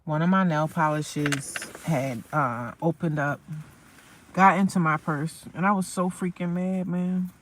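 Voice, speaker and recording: A woman's voice: sits low, steady tone, a little slow, a little hiss or hum. A woman rambling casually on a livestream from inside her parked car, repeating herself and calling her viewers y'all and honey, recorded on a phone. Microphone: phone camera.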